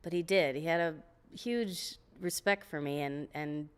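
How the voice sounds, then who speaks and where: A woman guest on an interview show, telling stories in a lively, laughing way, often restarting her sentences. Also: low-pitched, measured pace, clear, resonant tone. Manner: animated, laughing storyteller with frequent restarts. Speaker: guest vocalist. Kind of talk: casual interview storytelling.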